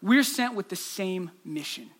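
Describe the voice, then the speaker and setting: High-voiced man preaching a sermon. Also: lively intonation, measured pace, a bit bright. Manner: earnest storytelling with rhetorical questions. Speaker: pastor.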